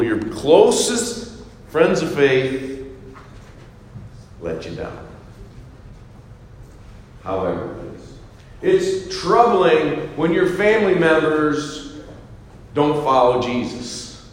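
A man preaching a sermon, dropping to a hush for scripture quotes and rising loud for emphatic asides. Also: medium pitch. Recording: echoey hall with faint ambience.

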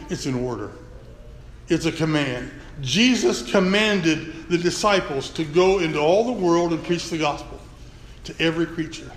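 A man preaching a folksy, earnest sermon to his congregation. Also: on the high side. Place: church sanctuary. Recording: echoey church hall, faint room noise.

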